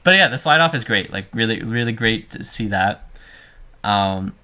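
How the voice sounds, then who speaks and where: A man coaching a student over gameplay in a relaxed, talky way, full of fillers and restarts. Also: lowish voice, moderate pace, smooth.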